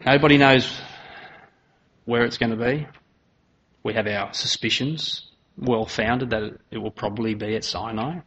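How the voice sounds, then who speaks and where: A man's voice: mid-range voice, steady tone, unhurried, pauses often, fairly bright tone. A man preaching a sermon in an earnest manner, voice rising dramatically when he acts out quoted lines. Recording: slightly dull, lo-fi sound.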